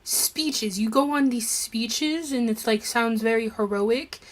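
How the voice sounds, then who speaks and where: A woman's voice: a little high, slow pace. A woman player in a casual tabletop game, teasing and rambling.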